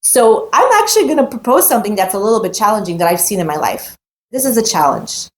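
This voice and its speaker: A woman's voice: medium pitch, very animated, fast talker. A woman giving a heartfelt, emphatic personal Torah talk, repeating phrases and mixing in Hebrew terms. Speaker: Torah teacher.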